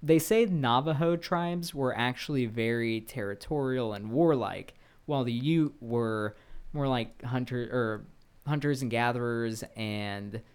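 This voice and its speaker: A man's voice: medium pitch, unhurried, a little mellow, clean tone. A man co-hosting a casual podcast, laughing often and teasing while he walks through the topic. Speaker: podcast co-host.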